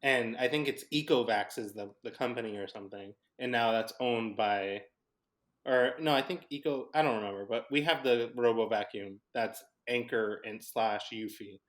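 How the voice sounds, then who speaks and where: A man's voice: mid-range voice, moderate pace. A young man co-hosting a podcast, chatting enthusiastically and rambling off track. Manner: enthusiastic, rambling, loses his train of thought. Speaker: podcast co-host. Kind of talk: casual chat.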